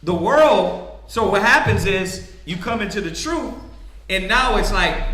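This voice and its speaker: Bright-voiced preacher man, echoey room. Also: high voice, expressive, a little slow. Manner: conversational, acts out quoted voices, asks "right?" often. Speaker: priest teaching scripture. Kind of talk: casual preaching.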